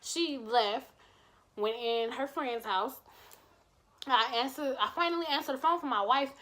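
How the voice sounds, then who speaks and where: A woman vlogger telling a personal story in a casual, animated way, acting out the dialogue and swearing freely. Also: sits high, a little slow.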